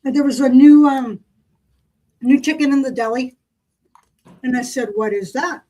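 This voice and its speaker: A woman, co-hosting a podcast in casual chat and telling a story with lively quoted dialogue. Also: sits high, normal speed, noisy background. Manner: chatty storyteller, acts out quoted people. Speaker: podcast co-host.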